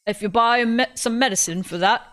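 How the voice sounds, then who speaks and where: A woman voicing a flustered male kidnapper in a deliberately poor British accent, raising her pitch and tripping over words. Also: fairly bright tone, natural voice. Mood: worried. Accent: put-on British, admittedly poor. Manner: high, stumbling over words. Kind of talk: reading a visual novel aloud with voices.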